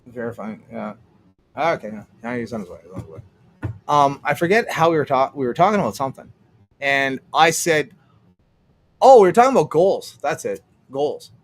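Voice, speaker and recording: A man's voice: medium pitch, big pitch swings, a little fast. A young man from Canada rambling casually on a livestream, swearing often and restarting his sentences. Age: young adult. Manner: rambling, profane, trails off and restarts. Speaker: streamer.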